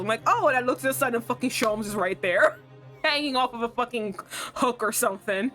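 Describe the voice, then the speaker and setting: A young woman streaming a game, talking casually and excitably with lots of swearing, jumping between loud outbursts and low mutters. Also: fast. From United States. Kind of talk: casual let's-play commentary. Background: faint game music.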